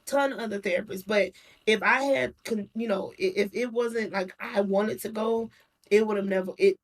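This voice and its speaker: Young woman guest chatting openly, laughs a lot, lots of restarts, middle pitch. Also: steady tone, normal speed. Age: young adult. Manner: candid, laughs often, many restarts. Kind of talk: casual personal chat.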